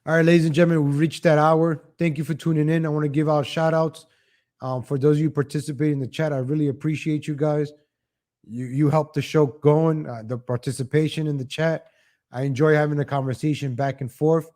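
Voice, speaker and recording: A man's voice: on the high side, fairly even intonation, brisk. A man hosting a casual morning livestream, chatting loosely and thanking viewers in the chat. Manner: rambling, warm toward chat viewers, frequent restarts. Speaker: host.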